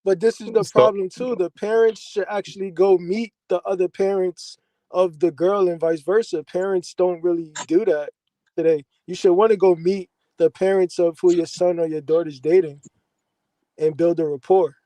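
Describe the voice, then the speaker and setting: A man's voice: high voice, fairly even intonation, moderate pace, mellow, no echo, rough recording. A man panelist making an earnest, persuasive point in casual discussion.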